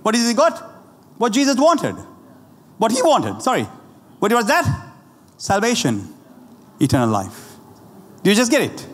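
A man preaching a lively, conversational sermon, laughing often and talking straight to the congregation, with a Sri Lankan accent. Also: very high-pitched. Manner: animated, laughing often, asides to the audience. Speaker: pastor. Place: church hall. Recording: roomy church hall with faint ambience.

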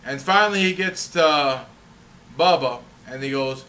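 A man hosts his own daily video diary, upbeat and quick with a joke. His voice is high and bright. He is recorded on a small camera's built-in mic. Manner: upbeat, jokey, sings a theme jingle. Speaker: vlog host.

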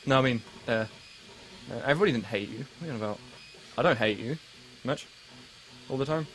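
A man's voice: mid-range voice, quick pace, fairly bright tone, low-quality recording. A young man in his late teens with an English accent hosts a casual live stream. He rambles and pokes fun at himself, stumbling over restarts in a mid-range voice. A faint hiss of noise sits under the recording. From England. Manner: rambling and self-mocking, full of fillers and restarts. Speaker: livestream host. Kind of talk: casual live-stream chat, answering viewers.

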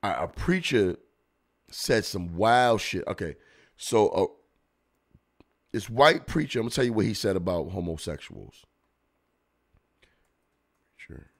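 Animated, profane male podcast host. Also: fairly low pitch, a little slow, creaky, pauses often. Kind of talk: comedic commentary while reacting to videos.

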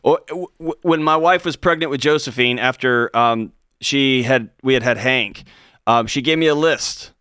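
A man co-hosting a call-in advice show, animated, acting out quoted speech in varied voices. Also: mid-range voice, normal speed, smooth, no room sound, studio quality. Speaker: radio co-host. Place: radio studio.

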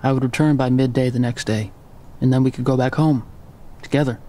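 A man giving measured, quiet first-person narration of a scripted audiobook story. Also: medium pitch, steady tone.

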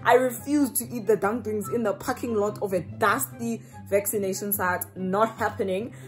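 A young woman from South Africa, vlogging casually to camera with a slightly runny nose, telling a story in an animated, slangy way and laughing often. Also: medium pitch, normal speed, soft background music. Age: young adult. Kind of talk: casual vlog chat to camera.

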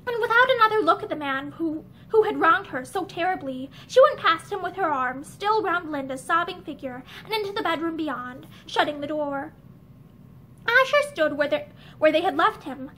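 A woman reading a novel aloud with expressive, dramatic storytelling, sitting in a room with bookshelves. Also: extremely high pitch, moderate pace, a little hiss or hum. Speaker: audiobook reader. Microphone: camera facing her as she sits.

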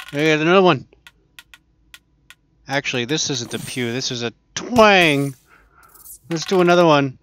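A gaming channel host with a slightly high, somewhat bright voice comments casually while playing a VR archery game. He chats and laughs to himself as he goes.

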